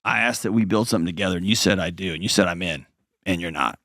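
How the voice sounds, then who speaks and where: A man's voice: low voice, fast talker, a bit bright, dry recording, clean studio sound. A man hosting a call-in advice show, talking bluntly and earnestly. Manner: blunt, earnest, acts out quotes in mocking voices.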